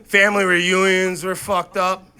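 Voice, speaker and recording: A man doing stand-up comedy on stage, telling animated stories from his life into a handheld mic. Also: high voice, vocal fry, smooth. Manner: animated, quick to act out quotes. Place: comedy stage before a live audience.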